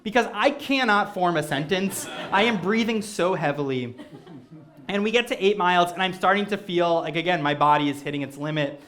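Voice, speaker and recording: A man performing stand-up storytelling on stage before a live audience, animated and self-mocking. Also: sits high, fairly quick. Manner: animated, self-mocking, acts out quoted voices. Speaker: comedic storyteller.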